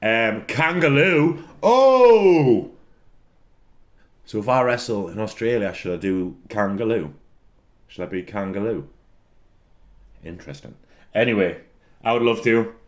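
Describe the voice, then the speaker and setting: A wrestler casually answering fan questions alone, rambling, swearing freely and breaking into loud fits of laughter. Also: male voice, fairly low pitch, normal speed, long pauses. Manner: rambling, repeats words for comic effect. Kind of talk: solo casual chat.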